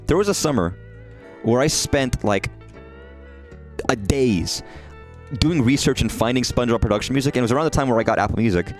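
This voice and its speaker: A man's voice: mid-range voice, fairly quick, pauses often, faint music behind. A man chatting casually while streaming a game, rambling and swearing freely. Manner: rambling, profane, animated. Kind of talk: casual gameplay livestream chat.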